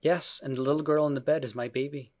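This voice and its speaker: A gentle, wistful young mother who speaks softly and falters, as a man reading a storybook puts her on. The voice is lifted well above the reader's own and kept quiet and hesitant. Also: on the high side, steady tone, quick pace, voice pushed up, close to an everyday voice. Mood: gentle, sad. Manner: soft, faltering and apologetic.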